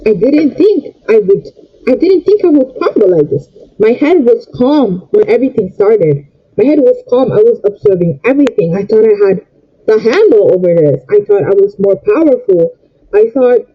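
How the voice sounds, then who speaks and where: A young woman rants in an emotional, rambling way while doing her makeup. Her voice sits high and sounds husky. The recording is dull and lo-fi. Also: expressive, moderate pace. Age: young adult. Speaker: vlogger. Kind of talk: get-ready-with-me rant while doing makeup.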